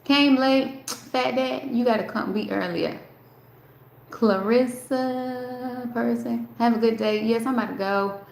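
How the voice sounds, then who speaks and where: A woman's voice: on the high side, moderate pace, gravelly, a little hiss or hum. A woman hosting a casual live stream, rambling and talking straight to her chat, swearing freely. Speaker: livestream host. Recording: roomy echo.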